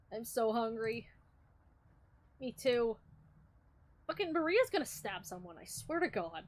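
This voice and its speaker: A young adult woman streamer reading game text aloud and reacting in a casual, excitable, profane, mock-indignant way. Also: high-pitched.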